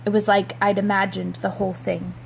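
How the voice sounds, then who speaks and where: A woman's voice: mid-range voice, little pitch movement, fairly quick, vocal fry, a little hiss or hum, rough recording. A woman reading a novel aloud, narrating in a wry, conversational first-person voice. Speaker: reader.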